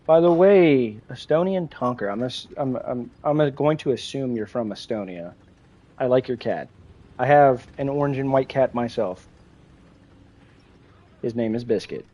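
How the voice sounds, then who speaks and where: An American man in his twenties talks loosely to his viewers while gaming, his pitch swinging up and down with lively energy. He reacts, jokes and curses between reading chat messages. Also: a little slow, highs cut off. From United States. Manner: chatty, swearing, reacting to chat and gameplay. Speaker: live streamer. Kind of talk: casual live-stream chat while gaming.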